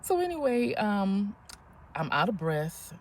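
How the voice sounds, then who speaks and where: A woman in her fifties telling a story in a casual, animated vlog, often breathless and laughing as she talks. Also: mid-range voice, slow, a little hiss or hum. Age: 50s. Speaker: vlogger.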